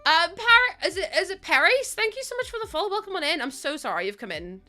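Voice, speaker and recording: Woman, high, very animated pitch, giggly, chatty live-streamer. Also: fast, faint music behind. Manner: giggly and chatty, greets viewers. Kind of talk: casual live-stream chat.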